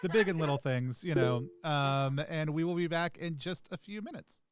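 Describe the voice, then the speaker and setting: A man co-hosting a live tabletop game stream, speaking in a relaxed, upbeat, chatty way. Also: on the high side, normal speed, clear, resonant tone, no room sound. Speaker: stream co-host and player. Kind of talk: casual live stream chat.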